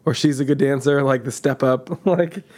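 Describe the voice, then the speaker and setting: A man's voice: medium pitch, normal speed, a little mellow. A man co-hosting a podcast in casual chat, laid-back and easily amused. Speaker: podcast co-host.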